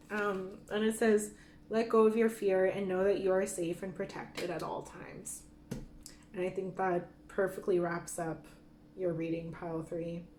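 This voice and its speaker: A woman giving a gentle pick-a-card tarot reading who gets openly emotional and laughs softly. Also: lowish voice, a little hiss or hum. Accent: Michif-speaking Métis greeting and French sign-off. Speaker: tarot reader. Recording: echoey room with faint ambience.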